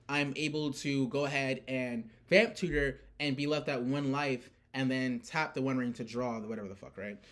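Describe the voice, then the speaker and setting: A young man ranting casually about a card tournament, rambling with lots of fillers and swearing. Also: a little high. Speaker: player recounting a card tournament. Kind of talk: casual rant.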